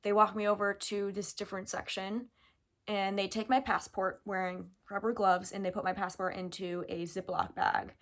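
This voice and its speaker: Speaking straight into the camera, a young vlogger from the United States walks through a personal story step by step, animated and chatty with casual fillers. She has a medium-pitched voice at a moderate pace, and the clip has a relaxed, unscripted vlog feel.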